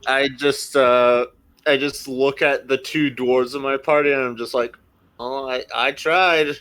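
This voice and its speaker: A man's voice: medium pitch, little pitch movement, measured pace, a bit bright. A man playing a tabletop game, speaking in a wry, offhand way. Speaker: player. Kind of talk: tabletop game play, in and out of character.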